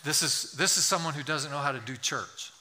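Bright-voiced male pastor preaching. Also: a little high, brisk. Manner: storytelling, rising to fervent pleading. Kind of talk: sermon. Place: church sanctuary.

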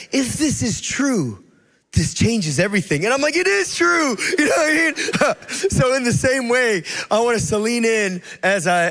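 A high-pitched man in his thirties preaches in a casual, storytelling way, acting out the people he quotes. His voice carries a long reverb from the church hall around him. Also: a bit bright. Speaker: guest preacher. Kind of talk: sermon.

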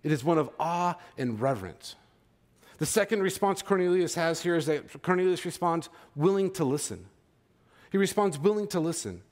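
Conversational male pastor preaching, slightly high voice. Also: lively intonation, moderate pace, darkish tone. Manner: conversational, checks in with "okay?" and "right?". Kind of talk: sermon.

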